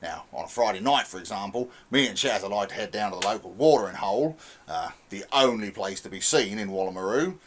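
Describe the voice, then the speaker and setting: A man's voice: fairly low pitch, animated, fairly quick, a little hiss or hum. A man with a rural Australian accent telling a folksy comic story in a rambling way, with frequent "uh" fillers. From Western Australia. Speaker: listener sending a recorded message. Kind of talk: comic monologue.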